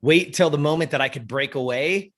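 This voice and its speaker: Animated storyteller man in his fifties. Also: fairly high pitch, brisk. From US West Coast. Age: 50s. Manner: animated, profane, keeps checking in with "you know" and "right". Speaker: interview guest. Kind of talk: personal storytelling in a podcast interview.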